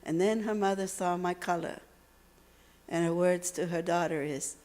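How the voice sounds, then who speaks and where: A woman from Texas giving a motivational speech at a university, telling stories with emphatic phrasing and dramatic pauses. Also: fairly low pitch, darkish tone. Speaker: motivational speaker. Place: university lecture hall.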